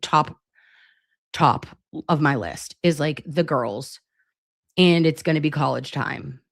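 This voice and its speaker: A woman in her forties from Massachusetts chats casually on her livestream. Her voice is low, and she swears freely and leans on "like" as a filler. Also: slow, creaky, dry recording, clean studio sound. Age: 40s. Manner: chatty, profane, many "like" fillers. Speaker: livestream host.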